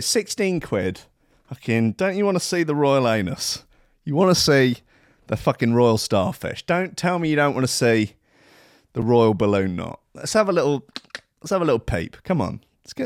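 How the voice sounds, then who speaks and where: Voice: mid-range voice, no room sound, clean studio sound. A speaker with a British accent delivering a crude, mocking comedic rant full of swearing. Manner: sweary, mocking, animated, with voices and outbursts. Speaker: comedic ranter.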